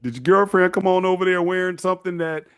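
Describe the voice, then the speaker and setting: A man hosting a casual advice monologue, talking in an animated way and mocking the people he quotes. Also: high-pitched, fast talker, clear, resonant tone. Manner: animated, acts out quoted parents in mocking voices. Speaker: host giving men's advice.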